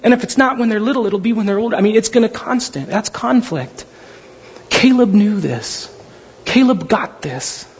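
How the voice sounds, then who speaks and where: High-voiced male pastor preaching in a big hall. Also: normal speed, breathy edge. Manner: animated storytelling, voices quotes. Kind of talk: sermon. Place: large church hall. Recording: dull sound with long hall reverb.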